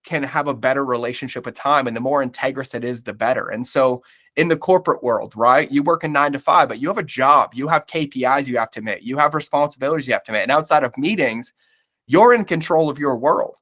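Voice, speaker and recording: A man's voice: medium pitch, quick pace, sharp tone. A man talking candidly as a podcast guest, blunt and emphatic, swearing often and calling the listener "bro".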